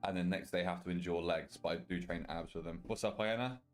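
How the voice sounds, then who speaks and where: A young man from Britain with a low voice talks a little fast as he streams from a walk-in wardrobe in his home. He reads and replies to chat casually, swearing freely, over soft background music.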